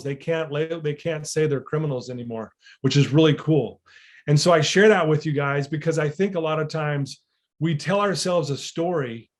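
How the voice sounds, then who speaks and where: A man telling a personal story as a motivational speaker, earnest and building to emphatic peaks, with frequent fillers. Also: a little high. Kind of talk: storytelling talk to an audience.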